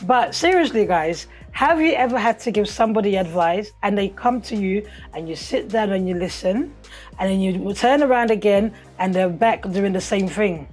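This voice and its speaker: A woman's voice: mid-range voice, lively intonation, normal speed, darkish tone, faint music behind. A woman co-hosting a casual talk show, chatting and laughing often, tagging her sentences with "yeah". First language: Lingala or French. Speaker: podcast co-host. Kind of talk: casual chat.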